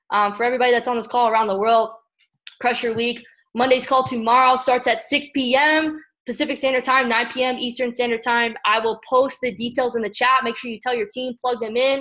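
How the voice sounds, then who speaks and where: A woman leading an online group call with a motivational pep talk, energetic and at times tearful, often calling everyone guys. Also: on the high side. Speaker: team leader on a group call.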